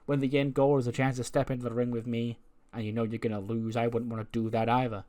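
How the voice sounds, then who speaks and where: A man's voice: medium pitch, level tone, quick pace, warm tone, natural voice. A man reading out a cocky woman wrestler's taunts. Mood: cocky taunting. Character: brash boastful woman wrestler trash-talking rivals.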